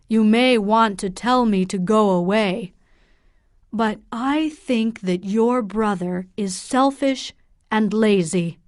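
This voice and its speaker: A woman's voice: medium pitch, no room sound, studio quality. A woman voicing a stern middle-aged male doctor and worried father, speaking in a firm, probing way in an audiobook.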